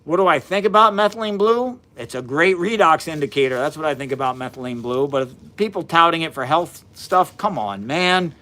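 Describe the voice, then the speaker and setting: A man's voice: a little high, fairly quick, hardly any pauses, sharp tone. A man in his fifties hosting a live science stream from his basement, chatting in an upbeat, folksy way and greeting viewers by name. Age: 50s. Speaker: science livestream host. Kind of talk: casual live-stream chat. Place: home basement.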